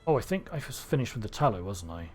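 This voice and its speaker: A man's voice: on the low side, sing-song, fast, soft background music. A man from Cornwall with a neutral English accent, rambling and thinking aloud through casual gameplay commentary. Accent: neutral southern English. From Cornwall, England. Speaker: streamer.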